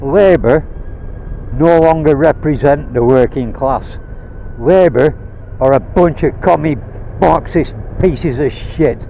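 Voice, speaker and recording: A man's voice: on the high side, takes it slowly, creaky, mellow, dull audio, a little hiss or hum. A man from Rhodesia, a vlogger, ranting bluntly and swearing while riding a motorbike, recorded on a helmet mic. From Rhodesia (now Zimbabwe). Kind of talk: angry rant while riding. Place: on a motorbike outdoors.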